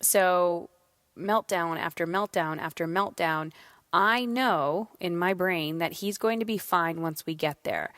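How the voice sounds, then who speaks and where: A woman in her thirties hosting a podcast, telling a story in a candid, animated way and swearing freely. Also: lowish voice, a little slow, no room sound, studio quality. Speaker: podcast host. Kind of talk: casual solo monologue.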